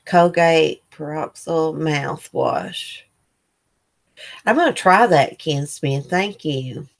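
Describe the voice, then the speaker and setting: A woman's voice: sits low, slow, vocal fry. A woman hosting a casual morning livestream, chatting loosely and reading viewer comments aloud. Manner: loose, rambling with fillers. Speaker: livestream host. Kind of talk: casual live chat.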